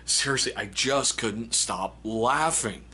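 Male host, casual book vlog, bright and a bit husky, laughs through his reads. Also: mid-range voice, slow. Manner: laughs often, reads excerpts aloud. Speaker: book review channel host.

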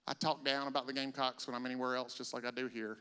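A man's voice: flat delivery, quick pace, smooth. A middle-aged man from South Carolina, telling stories in a stand-up comedy set. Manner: storytelling, jumps into loud high-pitched voices for bits. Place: comedy venue on stage. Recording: live stage with long hall reverb.

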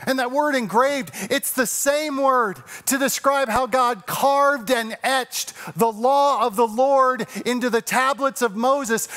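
A middle-aged man preaching a sermon as a pastor, earnest and slowing down, growing softer to stress key words. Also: very high voice.

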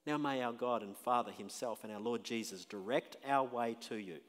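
A pastor preaches in a church with a long, ringing reverb around him. His mid-pitched voice swings between loud, emphatic declarations and quiet, searching questions put to the congregation. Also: moderate pace. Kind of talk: sermon. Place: church sanctuary.

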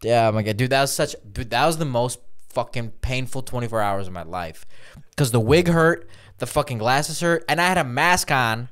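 A man's voice: mid-range voice, normal speed, smooth. A young man co-hosting a podcast, laughing through his stories, swearing a lot and acting out the people he quotes. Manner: laughing storyteller, heavy swearing, animated quoted voices. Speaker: podcast co-host. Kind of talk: casual podcast chat.

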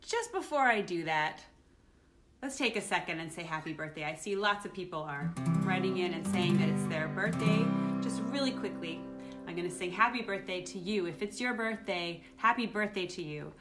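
A middle-aged woman hosting a children's livestream, reading a picture book aloud at home in a playful, animated way and acting out the feelings. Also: on the low side, normal speed, music in the background. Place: at home, live streaming.

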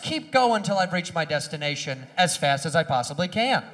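High, bright-voiced man doing stand-up. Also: normal speed. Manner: animated, acts out quoted voices, shouts punchlines. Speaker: stand-up comedian. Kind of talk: stand-up set. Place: comedy stage with audience.

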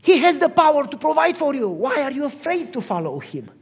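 A man's voice: very high voice, a little fast. A man preaching a sermon as a pastor, telling stories and putting questions to his listeners. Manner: animated storyteller, asks the audience questions. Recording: long hall reverb.

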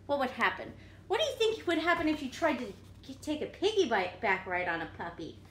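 A woman teacher reading a picture book aloud to children, animated and often asking them questions. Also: high voice, fairly quick, a little hiss or hum. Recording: echoey room.

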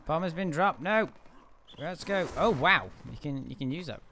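Excitable man shouting at his game. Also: on the high side, moderate pace, a little hiss or hum. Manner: excitable, laughs often, shouts at teammates. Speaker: gaming video host. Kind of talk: excitable let's-play commentary.

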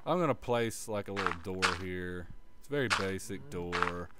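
Heavy background noise surrounds a man giving an easygoing gameplay tutorial for his video channel. His voice is low and expressive at a moderate pace, and he grumbles, swears, and hums "bop bop"-style noises while poking fun at himself.

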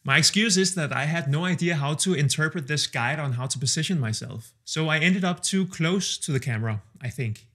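A Danish man in his thirties tests AI tools for his vlog, speaking casually and candidly with a self-deprecating streak. His voice is fairly high and fairly bright, and he talks fairly quickly with hardly any pauses while faint music plays behind him.

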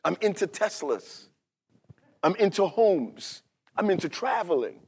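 A man in his fifties preaching a sermon as a pastor, talking to the congregation conversationally and swinging from hushed asides to loud, emphatic passages. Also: high voice, big pitch swings, unhurried, slight background noise. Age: 50s.

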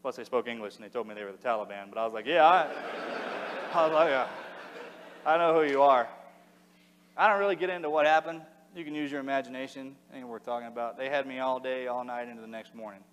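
Fast-talking man in a reverberant hall. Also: mid-range voice, a bit bright, slight background noise. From United States. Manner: blunt, casual storytelling with slang and restarts. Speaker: former soldier giving a speech. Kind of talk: public speech, storytelling. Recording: speech in a large hall with long reverb.

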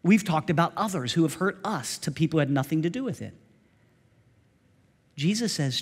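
High-voiced male pastor preaching. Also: expressive, moderate pace, long pauses, husky. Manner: direct, addresses the congregation with questions. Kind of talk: sermon. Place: church sanctuary. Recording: long reverb of a church sanctuary.

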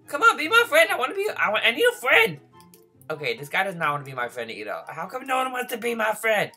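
A man voicing a lonely, needy baby male dinosaur in a game role-play, whiny and begging for friends, breathy and childlike. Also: high voice, full character voice. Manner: whiny, begging for friends, turning to frantic yelling when chased. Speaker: gaming video host.

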